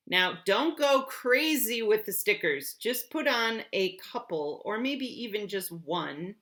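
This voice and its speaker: A woman teacher walking students through an app step by step, clear and encouraging. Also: medium pitch, expressive, slow, fairly bright tone.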